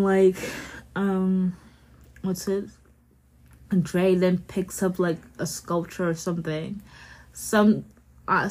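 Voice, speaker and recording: A woman's voice: on the low side, a little mellow. A woman hosting a podcast, chatting casually through a TV show recap in a rambling way, full of fillers and self-corrections. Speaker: podcast host.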